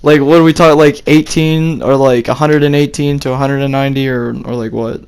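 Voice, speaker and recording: A man's voice: mid-range voice, fairly even intonation, a little fast, darkish tone, clean tone. A young man hosting a podcast, chatting casually with lots of giggles and fillers. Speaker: podcast host.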